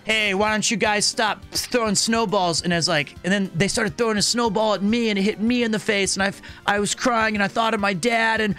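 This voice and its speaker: A high-pitched man with a bright, forceful voice, telling a story on a livestream. He talks casually, swears freely and acts out the people he quotes. He stays animated throughout. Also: brisk, hardly any pauses, soft background music. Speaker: streamer.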